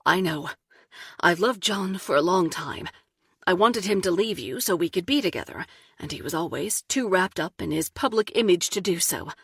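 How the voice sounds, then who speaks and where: A woman voicing a calm, remorseful young man. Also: high-pitched, normal speed, gravelly, slightly rough, dry recording, studio quality, heavily acted. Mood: confessing. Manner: calm, relaxed, without pretense. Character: jealous young man confessing, now calm.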